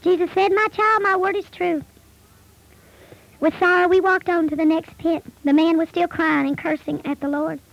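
A woman gives a preached testimony, earnest and pleading. Her voice sits very high with a gravelly, creaky edge. The recording is dull, lo-fi and dry. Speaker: preacher recounting a vision.

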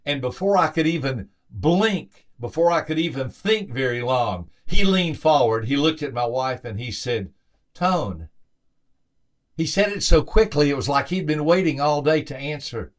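A man's voice: a little high, normal speed, few pauses. A man hosting a podcast, telling a motivational story with emphatic, repeated phrases. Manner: acts out quoted voices with lively lifts. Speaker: podcast host and motivational speaker.

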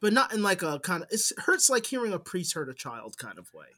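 Man, podcast co-host, casual chat, lively pitch, emphatic. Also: brisk. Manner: emphatic, swearing opinions.

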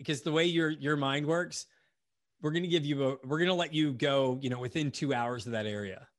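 A man's voice: a little high, brisk. A man from the United States hosting a casual podcast interview, talking in a chatty, rambling way with many restarts. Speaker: podcast host.

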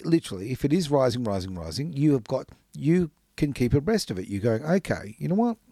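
A man co-hosting a radio talk show, quick with jokes and lively interjections in casual chat. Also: medium pitch, no echo, studio quality. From Australia. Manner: joking banter, lively interjections. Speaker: radio co-host.

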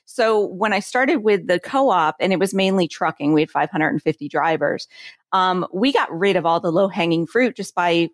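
A woman's voice: on the low side, normal speed, dry recording, studio quality. A woman in her forties, a safety consultant telling work stories in a chatty interview, with lots of filler words. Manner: chatty, filler-heavy, animated storytelling. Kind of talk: casual interview conversation.

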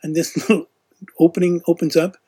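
Guy telling a long rambling story, kinda husky, pitch sits a bit high. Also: flat delivery, brisk, warm tone. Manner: rambling anecdotal storyteller, voices quoted people. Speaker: former teacher leading a student trip. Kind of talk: casual storytelling.

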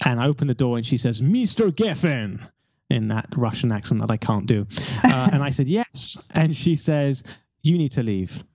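A man's voice: medium pitch, moderate pace, a little mellow, no echo, lo-fi sound. A man in his forties from London, telling his life story candidly over a remote call, rambling with restarts. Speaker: guest.

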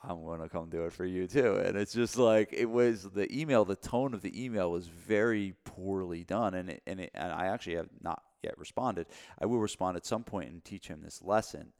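A man's voice: sits low, normal speed, creaky, few pauses, darkish tone, smooth. A man co-hosting a podcast about running gyms, talking casually and rambling with lots of fillers and restarts. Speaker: podcast co-host, gym owner and mentor.

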